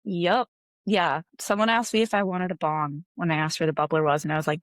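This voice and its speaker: A woman's voice: fairly low pitch, fairly even intonation, brisk, no echo. A woman from Wisconsin in her thirties, a guest chatting casually in an interview, laid-back and full of "like" fillers.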